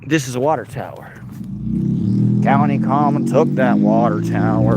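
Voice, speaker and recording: A man's voice: medium pitch, very animated, moderate pace, vocal fry, over loud music. A man livestreaming casually on a road trip, rambling, reading chat aloud and talking to his dog. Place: outdoors and in a car on a road trip.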